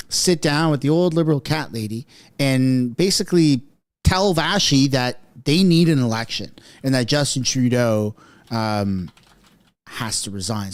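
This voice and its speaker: A man's voice: mid-range voice, dry recording. A man hosting a casual online commentary show, chatty and mocking, talking straight to his viewers. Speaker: political commentary host.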